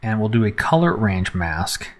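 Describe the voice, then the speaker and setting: Low-voiced man narrating a live edit. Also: big pitch swings, normal speed. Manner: thinks aloud, narrating each step with frequent fillers. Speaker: photographer teaching photo editing. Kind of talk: unscripted live screen-recorded editing tutorial.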